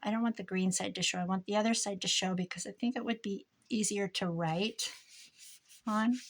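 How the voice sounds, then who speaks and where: A woman's voice: mid-range voice, fairly even intonation, normal speed. Chatty middle-aged woman crafting at her desk. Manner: rambling, self-talking, chatty with asides to herself. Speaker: crafting YouTuber. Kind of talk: casual crafting chat while working.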